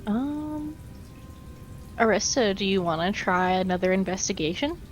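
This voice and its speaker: A woman player at a tabletop game with an even, mid-range voice and a dry, measured wit. Faint music plays behind her. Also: mid-range voice.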